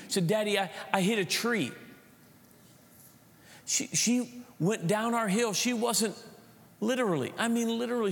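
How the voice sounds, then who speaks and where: High-voiced preacher man in a reverberant hall. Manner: storytelling with repeated words and restarts. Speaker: pastor. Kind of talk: sermon.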